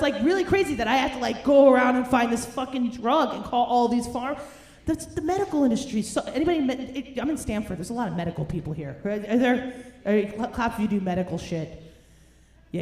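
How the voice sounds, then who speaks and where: Brash profane New comedienne. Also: female voice, high-pitched. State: hungover. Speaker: stand-up comedian. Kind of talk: stand-up comedy set. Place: comedy club stage. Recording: roomy club sound, faint noise.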